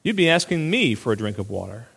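A man voicing a calm male teacher who brushes off objections and speaks plainly. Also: medium pitch, fast talker, creaky, husky, in a large hall, pitched below the performer's own voice, exaggerated voice.

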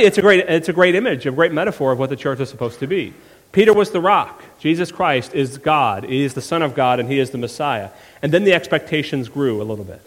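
A male pastor delivers a sermon in a conversational way, mixing rhetorical questions with light humorous asides. His voice sits a little higher than most men's. A long hall reverb from the church sanctuary trails behind every phrase. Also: a bit bright.

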